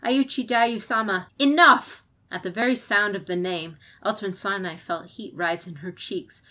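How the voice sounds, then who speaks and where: A woman reading a fantasy novel aloud as audiobook narrator, in a steady storytelling manner. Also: on the low side, normal speed. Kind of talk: scripted narration.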